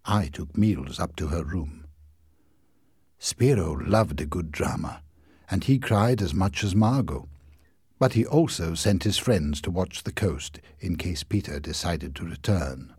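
A man narrating a storybook in an expressive, lively reading. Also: sits low, a little slow, breathy edge, dry recording, clean studio sound.

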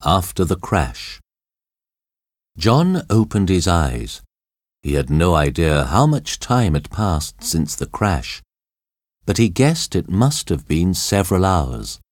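A man narrating an audiobook chapter in a slow, deliberate, expressive reading. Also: sits low, no echo, studio quality. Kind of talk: scripted narration of a graded reader.

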